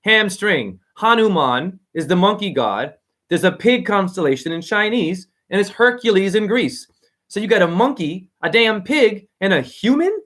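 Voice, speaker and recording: A man's voice: high voice, lively intonation, normal speed, a bit bright. A man giving a rambling, profane, preachy livestream monologue while reading out viewer comments.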